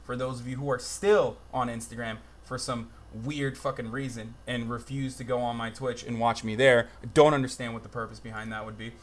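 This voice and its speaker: A man's voice: mid-range voice, steady tone, fairly quick, few pauses. A young man streaming live commentary, rambling, swearing and easily exasperated, recorded on a phone. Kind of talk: livestream commentary.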